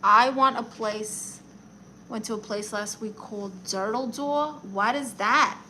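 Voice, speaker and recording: She speaks with a bright, forceful tone at a fairly high pitch and measured pace, with a little hiss or hum present. In chatty improvised comedy, she portrays a brash middle-aged aunt who calls herself a therapist, coloring and reading the live chat.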